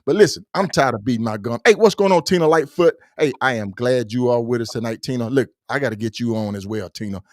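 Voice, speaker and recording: A man's voice: mid-range voice, fast, few pauses, dry recording, studio quality. A man hosting a motorcycle podcast, talking in an enthusiastic, repetitive way and greeting listeners by name. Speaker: podcast host. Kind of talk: casual podcast chat.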